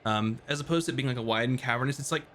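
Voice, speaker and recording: A man's voice: mid-range voice, very fast, a little hiss or hum. Laid-back man narrating as game master. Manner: relaxed, rambling descriptions with many fillers.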